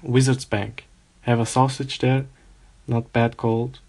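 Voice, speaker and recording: Huge, proud, homely male giant read by a man, unhurried and flat in tone, plain storybook reading. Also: mid-range voice. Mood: easygoing. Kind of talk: reading a novel aloud.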